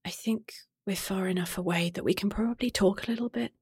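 A woman voicing a scared young human woman who can't see in the dark, in whispered role-play. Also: medium pitch, brisk, breathy edge, dry recording, clean studio sound. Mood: nervous. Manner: hushed unvoiced whisper.

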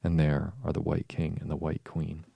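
A man voicing a curious, polite young girl in an audiobook, speaking gently, with a very low, gravelly voice. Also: completely flat delivery, moderate pace, exaggerated voice. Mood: gentle wonder. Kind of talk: audiobook reading.

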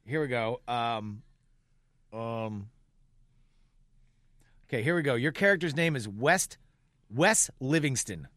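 A man's voice: mid-range voice, a bit bright, dry recording, studio quality. A man hosting a podcast in casual chat, coaching improv in a directive way. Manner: directive, quick to laugh. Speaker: podcast host.

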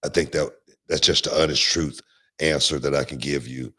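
A man hosting a podcast in casual chat, animated, often repeating words and stretching them out. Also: extremely low pitch, normal speed. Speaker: podcast host.

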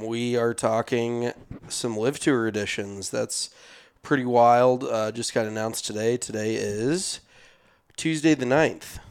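A man's voice: medium pitch, clear, resonant tone. A young man co-hosting a golf podcast in casual, joking chat, swearing freely. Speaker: podcast co-host.

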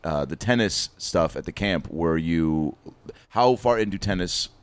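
Man, podcast host, questioning, low pitch, dry mic. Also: lively intonation, no echo. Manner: asks questions, halting restarts. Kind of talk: casual podcast interview.

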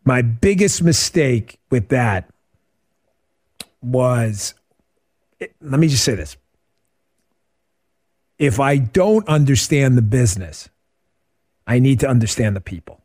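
A middle-aged man hosting a radio talk show, chatting casually and answering listener questions as an animated, joking storyteller. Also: mid-range voice, slow pace, pauses often. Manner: animated, joking storyteller who acts out quotes.

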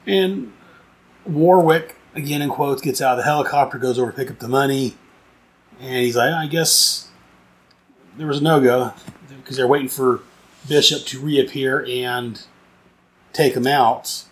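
A man's voice: mid-range voice, fairly even intonation, moderate pace. Rambling enthusiastic man reviewing comics. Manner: rambling and enthusiastic, with many restarts and "uh" fillers. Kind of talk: casual comic book review.

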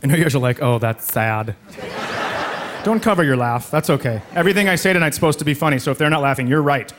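A man in his thirties performs stand-up on a club stage, his voice pitched fairly high and swinging widely as he mocks and jokes. His delivery is sarcastic and animated, with quick jumps into mocking voices. The live recording carries crowd laughter and steady background noise. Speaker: stand-up comedian. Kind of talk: stand-up comedy set.

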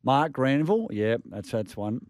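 An Australian man co-hosting sports radio, talking through his views in a halting, thoughtful way. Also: medium pitch, very animated, darkish tone, dry recording, studio quality. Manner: halting, restarts words, thoughtful. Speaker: radio sports co-host, former player. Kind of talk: casual sports radio chat.

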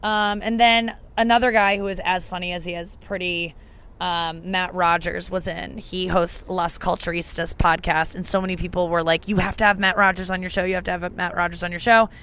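A woman's voice: on the low side, little pitch movement, fairly quick, a bit bright, smooth. A young woman hosting a podcast in casual chat, rambling and cutting herself off as she talks. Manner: chatty, rambling, self-interrupting. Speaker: podcast host.

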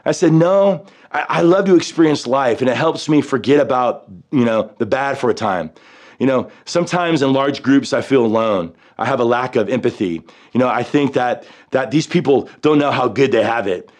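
A military veteran in his fifties telling his own story in a halting, reflective way, often pausing on "you know" and restarting his sentences. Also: mid-range voice. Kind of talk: personal storytelling.

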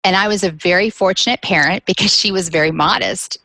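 A woman's voice: fairly low pitch, a little fast, sharp tone, no echo, rough recording. A woman guest telling a personal caregiving story, candid, with light laughs between serious points.

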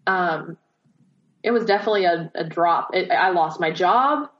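A woman's voice: lowish voice, normal speed. A young woman from Southern California who teaches theater, chatting casually on a video call and filling her talk with "like". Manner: chatty, many "like" fillers. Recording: dull lo-fi call audio.

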